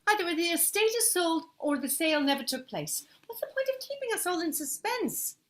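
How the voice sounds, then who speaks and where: A woman's voice: extremely high pitch, big pitch swings, fairly quick, fairly bright tone, full character voice. A woman playing an anxious, pleading noblewoman. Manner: emotional, pleading. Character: anxious aristocratic woman, estate owner. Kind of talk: stage play acting.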